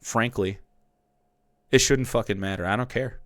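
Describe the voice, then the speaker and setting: A man's voice: lowish voice, moderate pace, fairly bright tone, no room sound, studio quality. A man streaming and ranting about politics in a heated, profane, mocking way.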